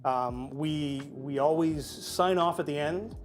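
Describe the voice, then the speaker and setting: Male stream host, fairly high voice, chatty and jokey, faint music under him. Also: takes it slowly. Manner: chatty, jokey, thanks viewers. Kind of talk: casual chat.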